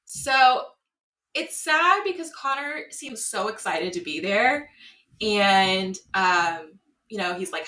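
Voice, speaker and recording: A woman's voice: mid-range voice, slow, reverberant, recorded from a distance. A woman co-hosting a podcast, recapping a reality show in casual chat and acting out the quotes as she goes. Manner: animated storytelling with acted-out quotes. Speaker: podcast co-host.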